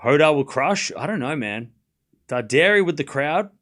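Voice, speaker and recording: A man's voice: a little high, animated, moderate pace, a bit bright. A man hosting a live stream, chatting casually, often laughing and joking sarcastically as he reads and answers his chat.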